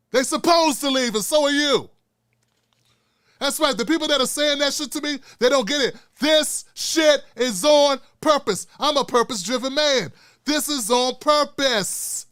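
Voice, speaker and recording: High-voiced, middle-aged man, solo commentary host, blunt and profane, dry close mic. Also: fairly bright tone, clean tone, no room sound. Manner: blunt, emphatic and profane, with heavy repetition. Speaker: show host.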